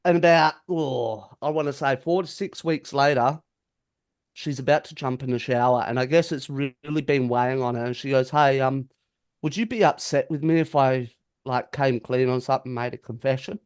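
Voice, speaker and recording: A man's voice: medium pitch, normal speed, clean tone. A man, a podcast co-host telling a story in casual chat, acting out the quotes and swearing freely.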